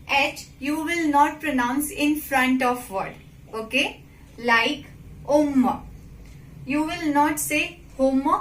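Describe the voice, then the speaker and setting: A woman teaching a simple French lesson, slow and patient, often checking with the listener. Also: high voice, sharp tone. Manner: slow and patient, repeats and checks with "okay?" and "right?". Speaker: French teacher, channel host. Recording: echoey room with faint background noise.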